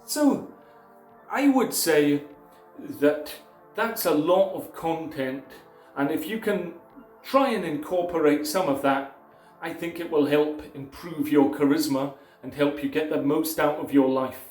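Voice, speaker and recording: A man gives advice to his video viewers in an unhurried, explanatory way, sometimes restarting a phrase. His voice sits slightly high and the room rings with echo. Soft music plays faintly behind him. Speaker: YouTube presenter. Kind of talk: casual advice talk to camera.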